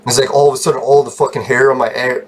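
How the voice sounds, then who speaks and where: A man telling a long rambling story in a casual vlog, swearing freely, getting excited and laughing often. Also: mid-range voice, rapid-fire, slight background noise. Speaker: channel host telling a story.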